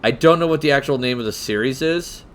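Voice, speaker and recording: On a casual tabletop-games podcast, a male co-host with a medium-pitched voice talks fast, rambling, swearing casually, and laughing often.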